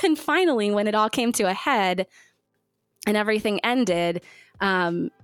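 A woman telling her own story in casual conversation, candid and animated, now and then slipping into the voices of the people she quotes. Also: mid-range voice, moderate pace, no room sound, clean studio sound. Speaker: guest sharing her story.

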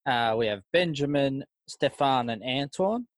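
A man's voice: medium pitch, lively intonation, unhurried, dry recording. Laid-back man co-hosting a podcast. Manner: laid-back, blunt, slangy. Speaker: podcast co-host. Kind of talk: casual banter.

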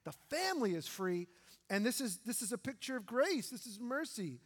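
High-voiced man preaching a sermon. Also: normal speed, slightly rough. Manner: animated, acts out the parable's voices. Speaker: pastor. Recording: long hall reverb.

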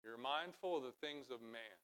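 A middle-aged man preaching a sermon from a church stage, talking conversationally and then building to loud, emphatic passages. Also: medium pitch, moderate pace, clean tone. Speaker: pastor.

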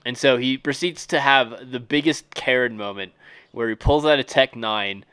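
A man's voice: medium pitch, normal speed, sharp tone, clear, resonant tone, no echo. A man co-hosting a podcast, summarizing a film in a rambling way with many fillers. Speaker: podcast co-host. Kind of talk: casual podcast chat.

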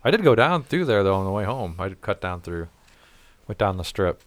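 A man's voice: fairly low pitch, big pitch swings, normal speed. A man from the St. Louis area talking bluntly in a casual podcast chat, swearing and laughing often. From St. Louis area, United States.

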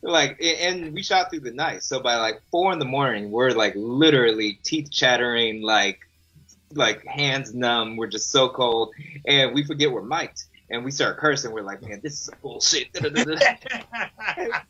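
Bright-voiced man, easygoing actor. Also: mid-range voice, lively intonation, a little slow, muffled recording. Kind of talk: casual interview anecdote.

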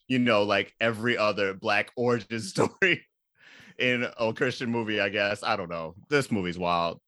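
A man casually recapping a movie for a comedy podcast, animated and laughing, with sudden high-pitched outbursts. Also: no echo, studio quality.

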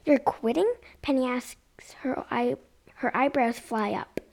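A young woman reads a children's chapter book aloud in a high voice. Her delivery is expressive, and she drops into whispered asides now and then. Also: takes it slowly. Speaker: reader.

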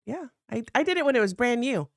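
Bawdy, animated woman podcast co-host. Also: a little high, fast talker, dry recording, studio quality. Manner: bawdy, laughs at her own jokes. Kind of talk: casual comedic chat.

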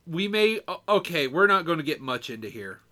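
A man's voice: on the high side, big pitch swings, fairly quick, sharp tone. A man co-hosting a podcast in casual chat, rambling and self-mocking as he goes. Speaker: podcast co-host.

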